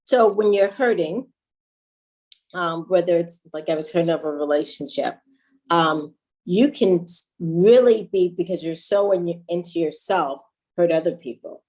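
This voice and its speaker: A woman with a very low voice co-hosts a relaxed podcast conversation. She thinks aloud, pauses, and reworks her sentences as she goes. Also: rough recording. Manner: thoughtful, halting, restarts mid-thought. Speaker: podcast co-host.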